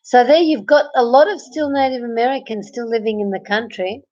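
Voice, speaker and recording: A woman's voice: a little high, steady tone, fairly quick, a little mellow, dull audio. An Australian woman chatting on a live stream from her bed at night, greeting viewers and reading their comments aloud. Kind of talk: casual live-stream chat.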